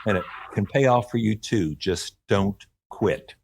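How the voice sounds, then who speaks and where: Speaking at a measured pace, the man has a lowish, gravelly, darkish voice, with a little hiss or hum on the recording. He's an author from Oklahoma, USA, appearing as a radio interview guest, earnest and encouraging and often laughing lightly.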